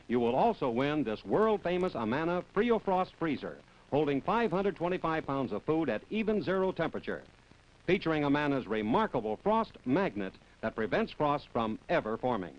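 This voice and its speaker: A man delivering a polished, scripted announcer read about prizes and postcards, his voice lively and well rounded. The sound is a muffled, lo-fi vintage TV broadcast. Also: moderate pace. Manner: smooth, polished sales pitch. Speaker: show announcer. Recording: lo-fi 1960s TV broadcast.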